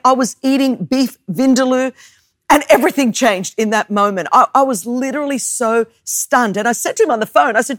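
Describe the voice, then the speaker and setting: High-voiced woman in her fifties preaching. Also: a little fast, no echo, studio quality. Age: 50s. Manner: expressive, personal storytelling. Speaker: guest preacher. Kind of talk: sermon storytelling.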